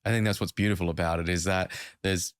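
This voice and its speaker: Deep-voiced male podcast host. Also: steady tone, fast talker, clear, resonant tone, no echo, clean studio sound. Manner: affirming, thoughtful. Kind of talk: interview.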